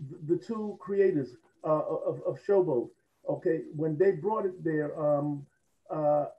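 A man's voice: a little high, muffled recording. A man on a panel, telling history with growing passion. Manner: impassioned storytelling. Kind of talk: panel discussion.

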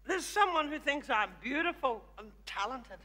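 A man's voice: lively intonation, moderate pace, heavily acted. A man playing a brash, self-adoring older woman diva with an Australian accent, doing live stage comedy. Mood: bossy. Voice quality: high, bright and theatrical. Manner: bossy, fussing and self-adoring. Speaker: comedy host. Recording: live theatre with hall reverb.

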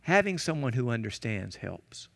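A man preaching a sermon as a guest pastor, animated and acting out quoted prayers and shouts. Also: medium pitch, moderate pace, vocal fry. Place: church.

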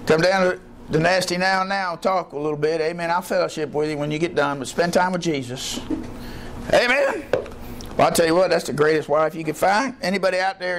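High-voiced preaching man calling out "Amen". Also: background noise. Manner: folksy preaching with frequent "Amen" call-outs; asks the congregation questions. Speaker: pastor. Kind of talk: evening church sermon. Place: church service with a responding congregation.

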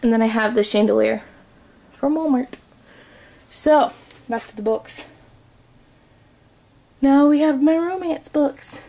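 Young woman vlogger, gravelly, mellow tone, chatty, rattles off lists with ums. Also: high voice, slow pace, long pauses. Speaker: book vlogger. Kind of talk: casual bookshelf tour vlog.

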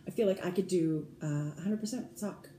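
A woman's voice: lowish voice, a little fast, dark tone, a little hiss or hum. A middle-aged woman co-hosting a casual podcast, chatty and gushing, often trailing off mid-sentence. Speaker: podcast co-host. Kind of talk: casual chat. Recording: roomy room echo.

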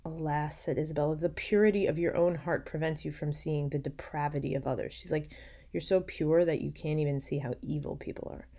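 A young woman lecturer reading a classic novel aloud, stopping to paraphrase the lines in casual, slangy asides and whispering quick side remarks. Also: low voice, steady tone, mellow. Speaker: literature lecturer.

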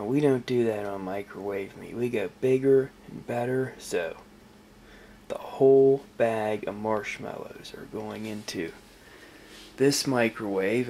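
A man's voice: on the low side, darkish tone, a little hiss or hum. A man hosting his own microwave experiment show from a home kitchen, talking casually in a playful, self-mocking way.

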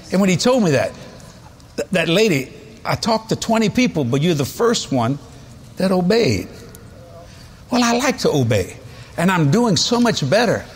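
A man's voice: on the high side, slightly rough. A man, preaching a sermon in a folksy, storytelling way with chuckles. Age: 70s. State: has a cold.

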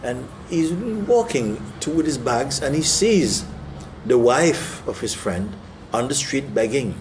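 A man and spiritual teacher telling a parable to listeners, animated and often checking in with "no?" and "you see?". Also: mid-range voice, takes it slowly, a little hiss or hum. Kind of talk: storytelling in a spiritual talk.

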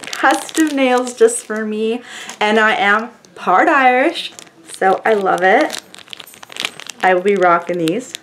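A woman's voice: mid-range voice, slow, a bit bright, a little hiss or hum. A woman vlogger chatting casually to the camera, gushing and effusive as she rambles on. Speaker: beauty vlogger opening fan mail.

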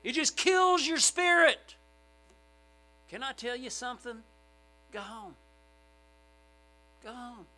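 A middle-aged male pastor preaching a sermon in a church sanctuary, emphatic and swinging from loud outbursts to hushed asides. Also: very high voice, expressive, slow pace, long pauses, low-quality recording.

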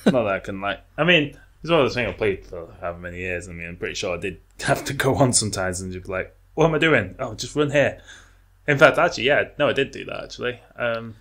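A man co-hosting a podcast, telling relaxed stories in casual chat and acting out the quotes. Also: on the low side, fast talker, hardly any pauses. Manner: relaxed storyteller, acts out quotes. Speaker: podcast co-host.

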